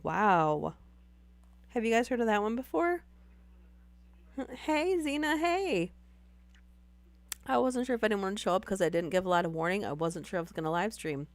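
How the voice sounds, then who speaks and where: A woman with a hoarse, worn voice after losing it, casually reading stories aloud on a live stream and laughing between lines. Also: mid-range voice, lively intonation, quick pace, no echo.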